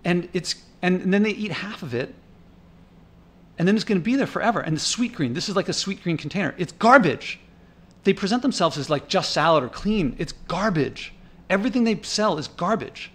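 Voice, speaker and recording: Male vlogger, slightly high voice, indignant off-the-cuff commentary, rambling with restarts. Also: expressive, fairly quick. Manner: thinking aloud, with restarts. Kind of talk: casual narrated commentary over park footage.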